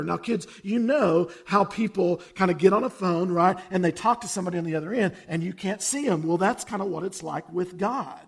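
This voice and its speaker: A man's voice: high voice, a little fast, creaky, breathy edge. A man preaching a sermon, telling stories in a conversational, folksy way. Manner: storytelling, conversational, with folksy jokes. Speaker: pastor.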